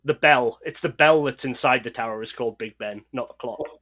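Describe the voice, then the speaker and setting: A man with a faint Northeast English accent talks through collecting and trivia in a relaxed podcast chat. His voice is bright and clear, at an average pitch. He explains patiently and lets his sentences trail off softly. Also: brisk. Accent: mild Northeast English. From Northeast England. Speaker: podcast co-host. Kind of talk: casual chat.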